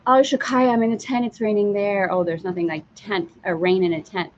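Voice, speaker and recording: A woman's voice: medium pitch, fairly quick, darkish tone, highs cut off, a little hiss or hum. A woman hosting a live stream from a sailboat, telling a candid story and reading viewer comments aloud. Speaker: spiritual teacher and live-stream host.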